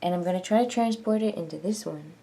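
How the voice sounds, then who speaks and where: A woman's voice: lowish voice, quick pace, gravelly, warm tone. A woman vlogging in a casual chat, rambling and self-mocking as she tinkers and jokes.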